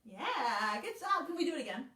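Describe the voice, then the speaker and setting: A woman librarian leading a children's storytime, slow, animated and encouraging. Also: sits high. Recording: roomy sound, mic at a distance.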